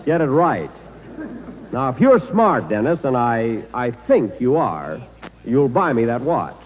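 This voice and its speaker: Heard on an old broadcast, a man hosts a 1940s radio comedy show performed live for troops in a hall. His medium-pitched voice is sing-song and unhurried, and he sounds hesitant and exasperated, with lots of "uh"s.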